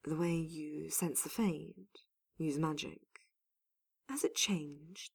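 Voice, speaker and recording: A woman voicing a calm, secretive male mage who speaks softly, low and measured. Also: vocal fry, breathy edge, full character voice. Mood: calm, guarded.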